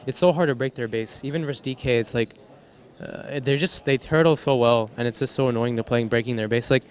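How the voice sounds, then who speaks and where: A man's voice: medium pitch, a little fast. A young man, a professional gamer, answering post-match questions in a loose, rambling way with restarts and casual swearing. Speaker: professional esports player.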